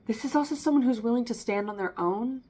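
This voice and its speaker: A woman's warm, fairly high voice moves quickly through a casual tarot reading. She rambles, saying "um" and "like" often, and keeps cutting herself off, slipping and restarting her thoughts.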